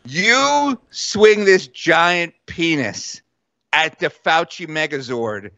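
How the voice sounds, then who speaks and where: A man hosting a podcast, rambling through an improvised comedic story in a rapid, jokey way, slipping into goofy voices. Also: on the high side, lively intonation, vocal fry, pushed and bright, no room sound. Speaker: podcast host running a comedic game.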